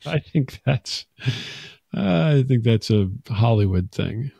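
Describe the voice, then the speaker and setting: A man's voice: mid-range voice, expressive, slow, creaky, mellow, slightly rough, no room sound. A man co-hosting a podcast in casual chat, playful and joking. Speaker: podcast co-host.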